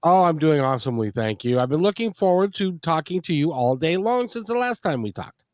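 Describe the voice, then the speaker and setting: Chatty rambling male radio host, lively pitch. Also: brisk, no room sound, clean studio sound. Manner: folksy, rambling with restarts. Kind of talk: casual interview chat.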